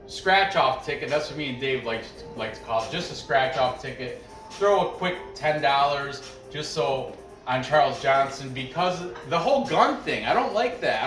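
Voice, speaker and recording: This fairly high-pitched man runs a sports betting picks show, offering loose, chatty commentary that keeps restarting and wandering into asides. He sits far from the mic, so the sound is echoey and off-mic, with faint music in the background.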